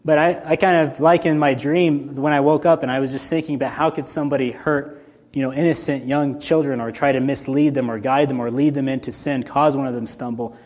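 A male pastor giving a conversational, animated sermon, swinging between loud and soft. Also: medium pitch, a little fast. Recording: long hall reverb.

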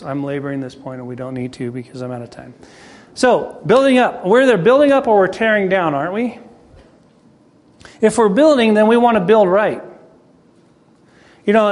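A man preaching a sermon in a folksy, conversational way, telling a story to the congregation. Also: high voice. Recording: echoey hall.

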